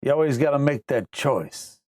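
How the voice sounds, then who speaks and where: A man hosts a casual livestream, rambling conversationally, reading out viewer comments, and sometimes slipping into mock voices. His mid-range voice is expressive and darkish at a normal speed. The sound is clean studio audio with no echo.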